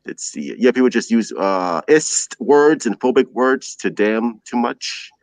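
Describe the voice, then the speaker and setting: A man's voice: mid-range voice, animated, measured pace. A man hosting a livestream show, chatting casually, reading viewer comments aloud and laughing often.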